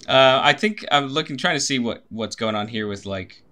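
A man co-hosting a podcast in casual chat, offhand, with quick agreeing replies. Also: mid-range voice, bright, forceful tone. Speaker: podcast co-host.

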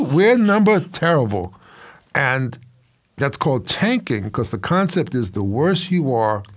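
An older man in his seventies hosting a commentary show, telling stories in a rambling, wry and self-mocking way. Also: medium pitch. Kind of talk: casual storytelling commentary.

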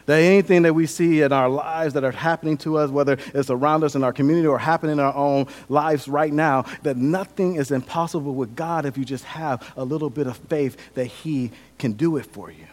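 A man's voice: fairly high pitch, brisk, few pauses, a little mellow. A man preaching a sermon as pastor, conversational and humorous, acting out scenes and repeating his key points.

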